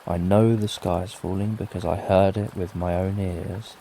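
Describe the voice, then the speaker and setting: A man's voice: low voice, steady tone, moderate pace, gravelly, slight background noise. A British man voicing a flustered storybook monkey. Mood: insistent. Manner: insistent, then flustered and sheepish. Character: foolish excitable male monkey, later humble. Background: soft rain.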